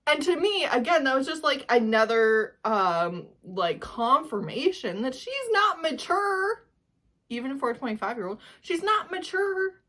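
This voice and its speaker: A woman's voice: sits high, very animated, unhurried, fairly bright tone. A young woman talking casually as a book reviewer, ranting with sarcasm and laughing often. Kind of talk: casual reading vlog.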